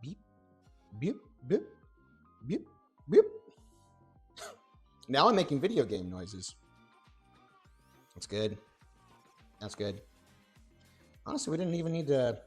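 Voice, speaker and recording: A young man chatting on a cooking livestream, rambling and excitable, with playful exclamations and restarts. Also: mid-range voice, moderate pace, long pauses, breathy edge. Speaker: streamer. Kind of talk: casual cooking livestream chat. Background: faint background music.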